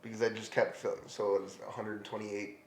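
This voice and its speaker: A man's voice: fairly low pitch, brisk. A man co-hosting a podcast, telling stories in casual chat and swearing freely. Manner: animated storyteller, swears a lot. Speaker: podcast co-host. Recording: echoey room with faint noise.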